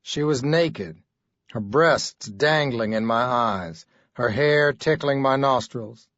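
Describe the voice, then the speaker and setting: A man's voice: mid-range voice, slow, fairly bright tone, no echo, muffled recording. A man reading an audiobook as its narrator, in a laconic, dry delivery. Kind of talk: scripted narration.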